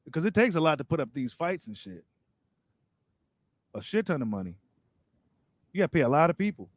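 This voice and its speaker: A man hosting a boxing live stream reads out viewer comments and gives his take in casual, slangy talk aimed straight at his audience. His voice is a little high and a bit fast, with big pitch swings, in a dry recording.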